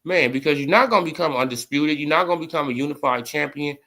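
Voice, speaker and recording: A man's voice: on the high side, fast talker, background noise. A man rants about boxing in casual vlog commentary. He repeats himself for emphasis and leans on slang.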